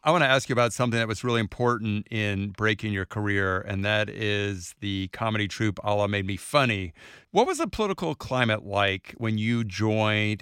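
A male interviewer puts brisk, pointed questions to his guest. His voice is bright and crisp, with a smooth, clean tone. The recording is dry and close. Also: lowish voice, no echo.

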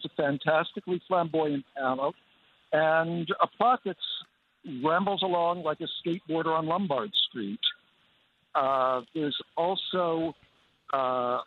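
Upbeat man on a tinny phone line. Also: fairly high pitch. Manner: upbeat, fond of colorful phrases. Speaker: animation critic reporting remotely. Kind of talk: enthusiastic remote report. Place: convention center floor. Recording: phone line with faint noise.

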